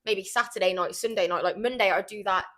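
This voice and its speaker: A woman's voice: medium pitch, fast talker, fairly bright tone. A woman co-hosting a podcast, chatting casually and self-deprecatingly with the odd swear word. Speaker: podcast co-host. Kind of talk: casual chat.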